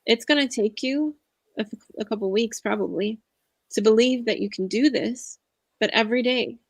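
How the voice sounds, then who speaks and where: A woman's voice: on the high side, moderate pace, vocal fry, dry recording. A woman in her thirties, an empowerment coach talking as a guest in a casual interview over a video call, earnest and reflective, sharing her experience in a confiding way.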